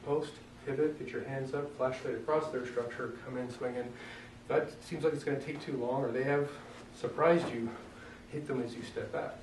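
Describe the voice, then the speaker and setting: A man teaching a casual self-defense demonstration lesson in a relaxed, joking way, often clearing his throat. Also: mid-range voice, normal speed, slight background noise. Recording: roomy echo, mic far off, faint ambience.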